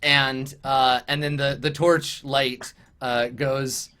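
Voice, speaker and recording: A man's voice: medium pitch, little pitch movement, slow, bright, forceful tone, clear, resonant tone. A man narrating as game master of a tabletop game, rambling with many fillers. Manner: rambling, full of fillers and laughs.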